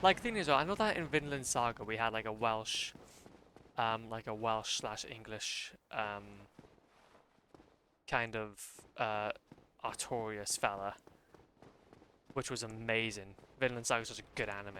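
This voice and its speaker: A man streaming gameplay with casual commentary, excitable and rambling, laughing at his own remarks. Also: on the low side, measured pace, long pauses. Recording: noisy stream audio.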